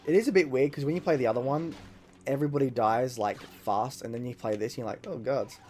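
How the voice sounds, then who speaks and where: A man rambles excitedly through a let's-play, his voice sitting at an ordinary middle pitch. He swears freely and jumps between thoughts, with a faint hiss of noise in the background. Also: fast. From Australia. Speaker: gaming YouTuber. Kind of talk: casual let's-play commentary.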